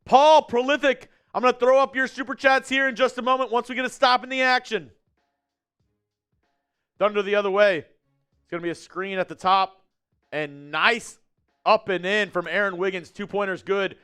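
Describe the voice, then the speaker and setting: A man from Texas hosting a live stream, chatting casually with viewers and calling the game play by play, shouting on big plays. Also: high-pitched, moderate pace, pauses often, smooth, soft background music. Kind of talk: casual live-stream watch-along commentary. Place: studio at company headquarters.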